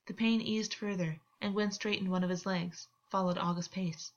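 A woman reading fan fiction aloud, with calm, steady storytelling. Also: mid-range voice, normal speed, highs cut off. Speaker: audiobook reader.

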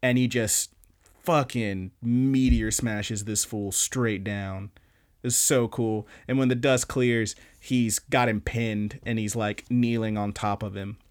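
A young man with a smooth, resonant voice chats through an anime recap on a podcast. He talks in a loose, animated way, swears a lot, and slips into the characters' lines as he goes. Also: on the low side, slow. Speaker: podcast host. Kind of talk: casual recap chat.

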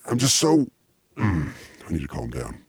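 A man with a very deep, husky voice hosts a comedy podcast. He rambles excitedly and keeps restarting his sentences. The sound is dry and close. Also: moderate pace, no room sound. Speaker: podcast host.

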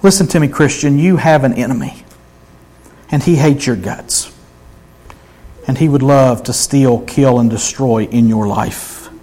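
A man preaching a sermon, emphatic, swinging between loud exclamations and hushed intensity. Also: medium pitch, unhurried, pauses often, low-quality recording.

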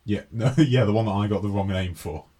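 A man's voice: lowish voice, fairly quick, warm tone. A man co-hosting a casual podcast, reading a news item aloud and then joking with his co-host. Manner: reads news aloud, then jokes and acts out skits. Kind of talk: casual chat.

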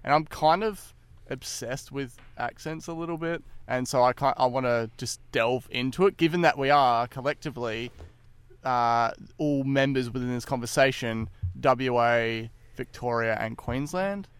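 A man's voice: mid-range voice, normal speed, smooth, no room sound. A man with a Western Australian accent who is a guest on a podcast roundtable, explaining things in a casual way with some filler words.

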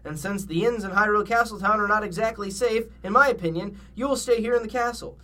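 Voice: mid-range voice, fast talker, pushed and bright, recorded from a distance, close to an everyday voice. A reader voicing a friendly, courteous young king. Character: kind young male king, former hero.

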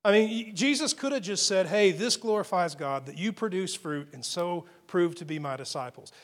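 Guy preaching a sermon, kinda higher voice, chatty style with lots of uh's and restarts. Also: moderate pace. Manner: conversational preaching with fillers and repeated phrases. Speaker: pastor.

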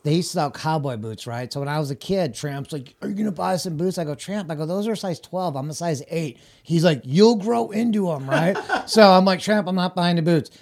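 A man's voice: fairly high pitch, a little fast, creaky, few pauses, a little mellow. A middle-aged man chatting casually as a guest, telling rambling stories with laughs and acted-out quoted voices. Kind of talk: casual storytelling chat.

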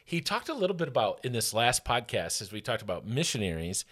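Male podcast host from Michigan, casual and playful, with loud excited bursts. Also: mid-range voice, fast.

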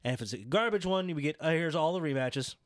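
A man with a somewhat high voice chats loosely about wrestling, slipping into exaggerated mocking voices when he quotes people. The sound is close and dry, with no room around it. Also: lively intonation, fast talker, dry recording. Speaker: podcast co-host. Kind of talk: casual wrestling chat.

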